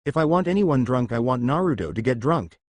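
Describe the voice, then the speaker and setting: A man's voice: medium pitch, lively intonation, brisk, darkish tone, dry recording, lightly acted. A man voicing a tipsy, teasing young woman with a slurred, pushy manner.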